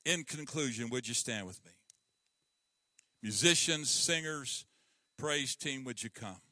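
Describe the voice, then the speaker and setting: A male pastor preaching a sermon, swinging from loud emphasis to hushed tones. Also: medium pitch, measured pace, dry recording, studio quality. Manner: breaks into hymn lines.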